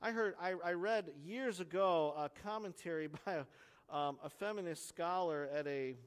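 High-voiced man preaching in a reverberant church. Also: moderate pace, clean tone. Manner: earnest, explanatory teaching with strong emphasis. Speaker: pastor. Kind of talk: expository sermon.

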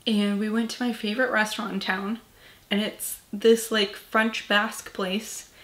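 A woman's voice: mid-range voice, level tone, measured pace, a bit bright, echoey room. A woman vlogging about books in a casual chat, tired and rambling, swearing casually and filling her talk with "like" and "um". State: tired, yawning. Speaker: book vlogger.

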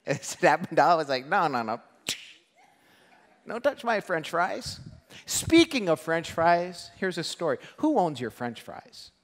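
A man preaching a sermon to a congregation, animated and joking, acting out quoted voices. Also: a little high, unhurried, long pauses, in a large hall. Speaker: pastor. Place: church hall.

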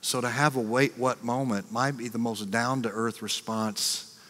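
A man with an American accent, a pastor preaching a sermon in a conversational way, acting out quick reactions and repeating words. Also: medium pitch, fairly even intonation, fairly bright tone. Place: church sanctuary. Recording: long reverb of a large church.

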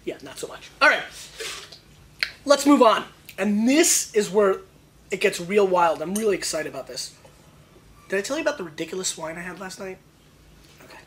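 A man hosting a casual wine tasting show, excitable and playful, riffing on flavors in slangy talk. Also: high voice, brisk, pauses often.

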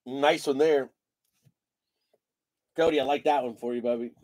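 A man hosting a live trading card break, calling out player names and giving energetic, slangy shout-outs to buyers. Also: mid-range voice, moderate pace, no echo.

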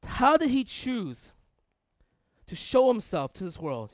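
A man's voice: very high voice, sing-song, normal speed, long pauses, no room sound, clean studio sound. A male pastor preaching a sermon in a conversational way, asking his listeners rhetorical questions and building long emphatic lists.

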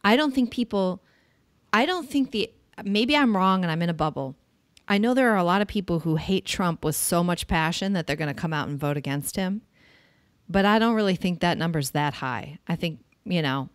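A woman's voice: on the low side, normal speed, no echo. A woman hosting a podcast, giving blunt, opinionated views in casual political chat. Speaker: podcast host.

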